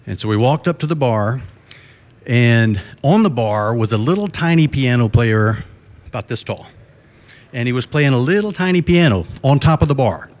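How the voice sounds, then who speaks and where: A man's voice: mid-range voice, animated, moderate pace, a little mellow. A middle-aged man giving a live conference keynote, telling folksy jokes and putting questions to the crowd. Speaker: keynote speaker. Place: conference stage before a live audience.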